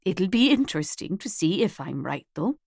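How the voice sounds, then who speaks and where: A woman narrator voicing an older woman who runs a guest house, brisk, wry and curious. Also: lowish voice, big pitch swings, darkish tone, dry recording, clean studio sound.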